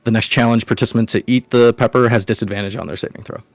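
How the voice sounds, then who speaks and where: A young man as dungeon master, calmly explaining game rules. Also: mid-range voice, quick pace, no room sound.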